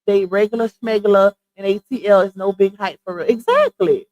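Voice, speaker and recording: A woman's voice: mid-range voice, fairly even intonation, brisk, a little mellow, rough recording. A woman hosting a casual gossip commentary livestream from home, chatting straight to her viewers and calling them "y'all" and "child". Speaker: livestream host. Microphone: earphones with mic.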